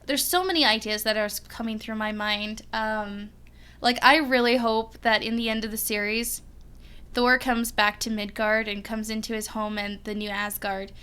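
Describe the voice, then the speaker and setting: A young woman reacting to a series as a fan, rambling excitedly with lots of giggles and restarts. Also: on the high side, moderate pace, clean tone. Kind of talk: casual rambling reaction vlog.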